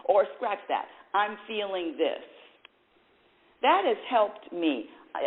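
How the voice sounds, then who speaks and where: Through a tinny, phone-like recording, a radio host with a medium-pitched voice and lively intonation speaks a little slowly on her spiritual talk show. Her delivery meanders and self-corrects, and she often laughs at herself.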